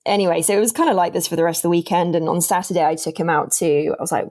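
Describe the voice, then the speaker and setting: Racing through her words in a lowish voice, a young woman recounts a dating story as a podcast guest. She's animated throughout, acting out the quotes of the people involved in the casual chat.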